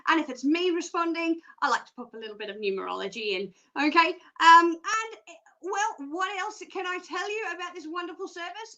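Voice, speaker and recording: A woman's voice: extremely high pitch, pushed and bright. An Australian woman presenting a live-stream psychic reading, bubbly, chatty and jokey.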